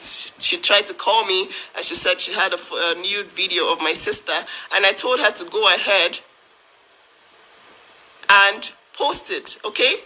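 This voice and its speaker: A woman's voice: fairly low pitch, sharp tone, low-quality recording. A woman from Africa who works as a nurse, talking straight to camera in an indignant, emphatic way and repeating herself for stress. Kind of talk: direct-to-camera vlog.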